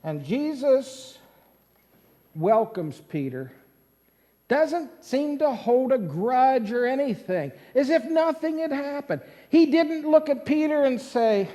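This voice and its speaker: A man preaching a sermon in a church, telling a story with lively questions to the congregation. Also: extremely high pitch, takes it slowly. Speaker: pastor. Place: church sanctuary. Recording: long church-hall reverb.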